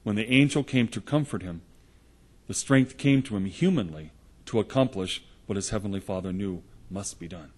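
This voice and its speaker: A man's voice: on the low side, normal speed, a little mellow, husky. A man preaching a sermon, earnestly retelling gospel scenes in the present tense.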